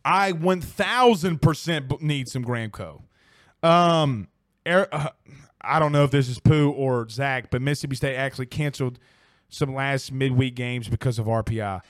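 In clean studio audio with no room sound, a young man at medium pitch and normal speed chats on his sports podcast, swearing and exclaiming over comments from viewers, like a relaxed live stream.

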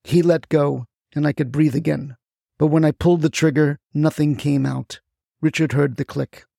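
A man tells a first-person story in a scripted, wry way. His voice has a gravelly fry and sits slightly high, and it comes across dry and close. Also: steady tone, normal speed, warm tone, no room sound. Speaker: narrator.

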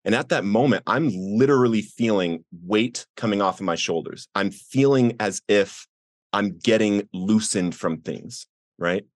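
A middle-aged man earnestly telling his personal recovery story as a podcast guest, voicing the people in it with raised pitch. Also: a little slow, dry recording, studio quality. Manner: earnest, acts out quoted voices with rising pitch.

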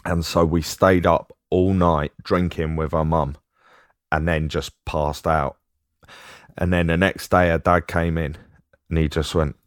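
Low-voiced Cockney man telling stories. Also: fairly even intonation, unhurried, smooth, dry recording, studio quality. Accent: London Cockney. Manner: laughing anecdotal storyteller. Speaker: podcast co-host. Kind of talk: casual chat, storytelling.

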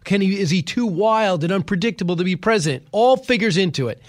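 Male commentary host, high pitch, emphatic, talks in rhetorical questions. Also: animated, a little fast. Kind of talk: opinionated political commentary.

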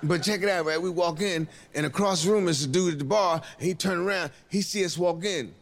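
A man doing a stand-up comedy set, telling a loose, animated story full of profanity and acted-out quotes. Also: high voice, brisk. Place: stage before a live audience. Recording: live club recording with loud crowd noise.

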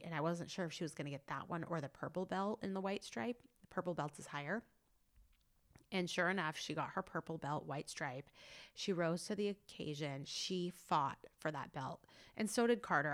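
Podcast host lady rambling on, lots of "like", kinda low voice. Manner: gushing, rambling storyteller full of "like". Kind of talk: casual chat.

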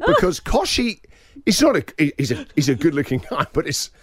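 Animated English man telling a story. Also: on the high side, brisk. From England. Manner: animated storyteller, laughs through his own anecdote. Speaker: radio show host. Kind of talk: breakfast radio chat.

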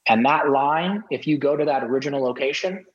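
A middle-aged man, a podcast guest, telling a personal story in an animated way and acting out the dialogue. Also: a little high, a little fast, highs cut off. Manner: animated, acts out quoted dialogue.

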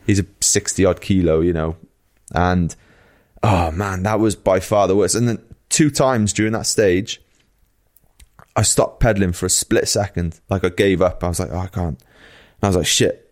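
A man's voice: sits low, normal speed, a little mellow. A man and pro cyclist chatting casually on a podcast, laid-back and filling his talk with "like" and "you know".

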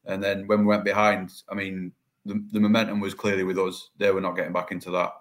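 Flat, fast-talking man on a podcast. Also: low voice. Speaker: podcast guest. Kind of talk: casual fan podcast chat.

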